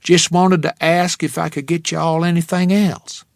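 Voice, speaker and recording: A Texan waitress with a thick drawl and pushy, sugary hospitality, as the male narrator puts her on, her voice lifted high above his own. She sounds close and dry, with a gravelly edge carried over from his natural voice. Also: flat delivery, moderate pace, no echo. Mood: eager, friendly. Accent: Texas. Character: chatty Texan airport waitress, a woman. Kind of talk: audiobook character voice.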